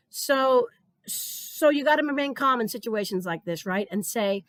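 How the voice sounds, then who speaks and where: A woman's voice: fairly high pitch, animated, normal speed, fairly bright tone, no echo. A middle-aged woman giving an earnest conference keynote, telling stories and often repeating words as she starts a thought. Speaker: keynote speaker.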